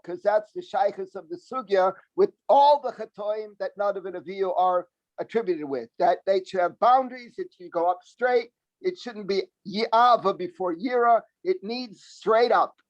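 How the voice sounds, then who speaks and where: A man's voice: sits high, no echo, dull audio. A man in a Talmud class on a video call, insistently arguing his point with sources. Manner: insistent, interrupting to argue with sources. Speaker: class participant.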